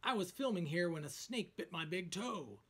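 A man's voice: sits high, lively intonation, normal speed, a bit bright, husky, full character voice. A man voicing a grumpy male cartoon villain who snarls his complaints, reading a storybook aloud. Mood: snarling. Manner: snarling, resentful. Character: grumpy male villain, snake-hating TV host.

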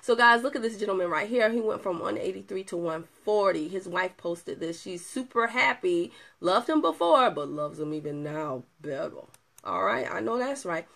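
A young adult woman chatting casually to her viewers, animated and playful, with laughing asides. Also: mid-range voice, normal speed, gravelly. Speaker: product distributor showing client results. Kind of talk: casual video chat.

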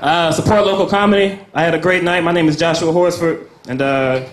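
A young American man working an open-mic stand-up set, his voice sitting high as he rambles from bit to bit. He laughs at his own jokes. His voice carries around an echoey little cafe room. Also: fairly even intonation, brisk, noisy background. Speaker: stand-up comedian. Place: small cafe comedy night.

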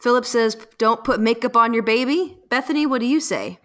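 A woman with a fairly high voice runs a casual podcast quiz. She reads each question and its options slowly and playfully, keeping score and teasing the players.

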